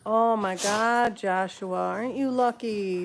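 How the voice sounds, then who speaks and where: Woman host, mid pitch, fry-heavy voice, casual home live-stream chatter, cuts off words and restarts. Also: big pitch swings, takes it slowly, a little hiss or hum. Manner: rambling, breaks off mid-word and restarts, talks to her pets.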